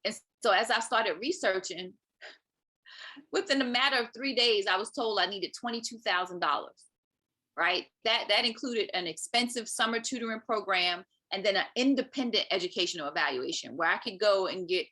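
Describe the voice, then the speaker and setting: A woman speaks as a podcast guest, her voice bright and forward at a middle pitch. She tells her story animatedly and often checks in with a quick "right?". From Maryland, US. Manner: animated, acts out quoted speech, often adds "right?". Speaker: podcast guest, parent advocate. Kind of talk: personal storytelling in conversation.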